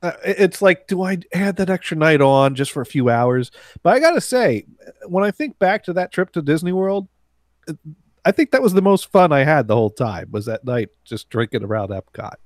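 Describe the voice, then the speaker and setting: Man, somewhat high-pitched, loose storyteller full of fillers, dry mic. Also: expressive, fairly quick, no echo. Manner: rambling, many fillers and restarts, laughs while telling. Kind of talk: casual anecdote among friends.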